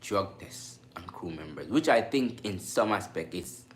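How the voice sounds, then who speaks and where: A man who works on a cruise ship, telling a story to camera in a casual, animated way and acting out sounds and voices. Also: low voice, measured pace. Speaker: cruise ship crew member vlogger. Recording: echoey room with faint background noise.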